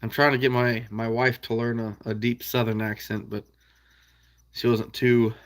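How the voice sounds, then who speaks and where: A man's voice: mid-range voice, flat delivery, moderate pace. A young man from the American Midwest hosting a trapping live stream, chatting casually and answering viewers by name with frequent laughs. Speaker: trapping channel host reading live chat.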